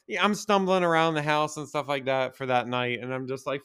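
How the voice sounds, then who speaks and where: A man's voice: a little high, a little fast, hardly any pauses, fairly bright tone, clear, resonant tone. A man hosting a podcast, telling a rambling, profane, self-mocking story with frequent laughs. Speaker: podcast host. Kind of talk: casual storytelling monologue.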